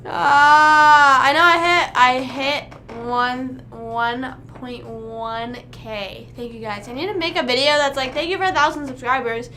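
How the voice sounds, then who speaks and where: A woman's voice: sits high, unhurried, hardly any pauses, bright, forceful tone, slight background noise. A young woman livestreaming, rambling casually with lots of "like" fillers as she chats to her viewers. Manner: rambling, chatty, full of "like" fillers.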